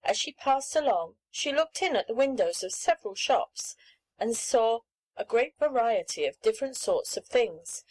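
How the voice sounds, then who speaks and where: A woman reading a children's story aloud in a clear, measured storytelling manner. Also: on the high side, low-quality recording. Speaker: audiobook reader. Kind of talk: scripted narration of a children's story.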